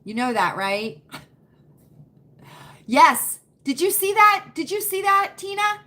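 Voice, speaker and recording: A woman's voice: very high-pitched, big pitch swings, slow pace, pushed and bright. A woman hosting a casual live chat from home to her viewers on a computer webcam, folksy and chatty, repeating her phrases for emphasis. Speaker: livestream host.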